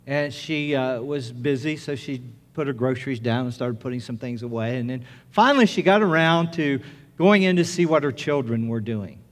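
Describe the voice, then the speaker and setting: A middle-aged man, a pastor, preaching a sermon in an earnest storytelling manner, rising to loud excitement as the story builds. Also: mid-range voice, moderate pace. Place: church sanctuary. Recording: reverberant church with music.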